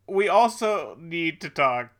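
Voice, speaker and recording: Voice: mid-range voice, lively intonation, slow. A podcast co-host chatting casually about a movie, ranting in disbelief and laughing often. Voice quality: incredulous, laughing rants. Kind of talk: casual movie review chat.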